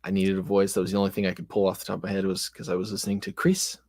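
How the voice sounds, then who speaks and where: A man's voice: deep voice, level tone, rapid-fire, a little mellow, husky, dry recording, studio quality. A man hosting a casual live-stream chat about tabletop games, rambling and self-deprecating. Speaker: podcast host and game master.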